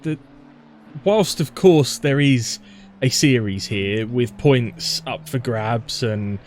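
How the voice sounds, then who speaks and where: A man of middling pitch hosts a sim-racing stream, reading chat greetings and throwing questions to his co-hosts. He sounds upbeat, with plenty of ums and uhs. Faint noise hums behind. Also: takes it slowly. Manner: upbeat, reads out viewer chat, hesitant fillers. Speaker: live stream race commentator. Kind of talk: casual live-stream commentary chat.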